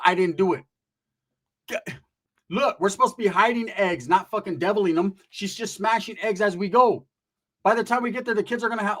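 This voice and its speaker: A man telling a comic story in an animated, profane, slang-heavy way. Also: high-pitched. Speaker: comedian.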